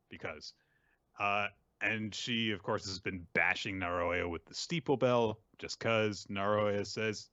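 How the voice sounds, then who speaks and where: A man hosting a podcast, recapping manga in a casual, animated way with lots of fillers. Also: on the low side, a little slow, no echo, muffled recording. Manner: animated storytelling with frequent fillers. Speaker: podcast host.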